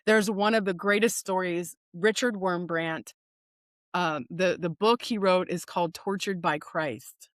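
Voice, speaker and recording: A woman's voice: lowish voice, steady tone, unhurried, no echo, studio quality. A woman guest on a podcast, telling stories earnestly in conversation with frequent restarts. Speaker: guest speaker.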